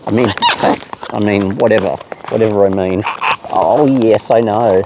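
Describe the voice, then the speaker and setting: A man who vlogs about feeding birds talks to wild cockatoos outside in playful baby talk, cooing and using silly nicknames. His voice is on the low side, with a steady tone and moderate pace, in a noisy outdoor recording.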